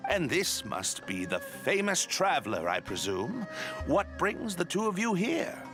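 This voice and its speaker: Game villain, male: a smooth, courteous expedition chief who flatters while hiding something; lively, swooping delivery, faint music behind. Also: sits high, a little slow, exaggerated voice. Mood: flattering. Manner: courteous and flattering, with a sly edge. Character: smooth, polite, scheming male expedition leader. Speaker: expedition organizer.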